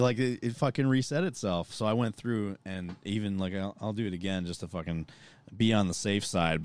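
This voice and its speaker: A young man with a fairly low voice co-hosting a casual chat show. He tells stories loosely and swears often, in a relaxed, easygoing way. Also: a little fast, clear, resonant tone. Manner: profane, storytelling, laid-back. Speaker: podcast co-host.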